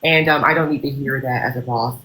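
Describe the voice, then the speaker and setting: A man hosting a livestream, playing a boss and CEO who interviews callers in a mock-formal, unhurried way. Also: mid-range voice, steady tone, sharp tone, slight background noise. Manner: mock-formal, unhurried, slips into thanking viewers. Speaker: livestream host. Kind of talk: role-play job interview as a boss and CEO. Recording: roomy echo, faint clicks.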